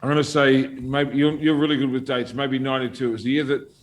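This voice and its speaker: A man's voice: medium pitch, fast talker. A middle-aged man telling an old story at a casual round table, swearing freely and laughing as he goes. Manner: animated, profane, laughs through his stories. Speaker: guest storyteller.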